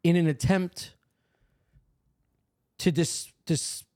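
A man's voice: fairly high pitch, steady tone, very slow, dark tone. A man co-hosting a comedy podcast, rambling in crude, joking chat. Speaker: podcast co-host.

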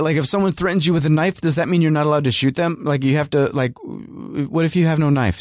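A man's voice: fairly high pitch, no echo, studio quality. A man hosting a casual solo rant, rambling and sarcastic, full of fillers and restarts. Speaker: podcast host and working actor.

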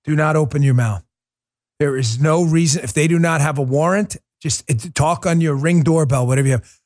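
A middle-aged man hosting a political commentary show, swinging between quiet apology and loud indignation. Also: a little high, fairly quick. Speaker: podcast host.

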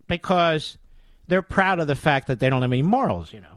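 A man's voice: fairly high pitch, lively intonation, a little fast, a bit bright, dry recording, clean studio sound. A man hosting a political talk radio show, delivering a combative, sarcastic monologue.

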